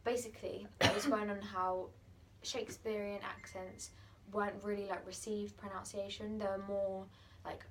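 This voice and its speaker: A woman's voice: medium pitch, little pitch movement, moderate pace, hardly any pauses, distant mic, low-quality recording. Young woman, drama student, casual, asks the group questions; faint background noise.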